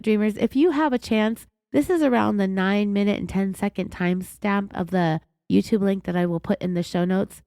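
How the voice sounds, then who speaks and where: A woman's voice: medium pitch, fairly quick, hardly any pauses, a little mellow, no echo. A woman hosting a true-crime podcast, talking in a sarcastic, indignant and blunt way. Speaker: podcast host.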